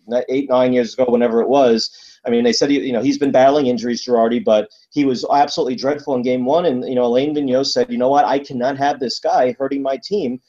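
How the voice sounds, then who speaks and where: A man's voice: medium pitch, dark tone, muffled recording. A man co-hosting a casual sports talk show, blunt and emphatic, with lots of fillers and restarts. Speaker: sports podcast co-host.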